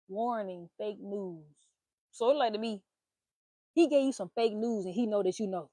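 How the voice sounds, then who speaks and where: Animated, blunt woman with a mellow voice. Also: mid-range voice, moderate pace, pauses often, dry recording. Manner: animated, swearing, playful exclamations. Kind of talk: casual spiritual reading monologue.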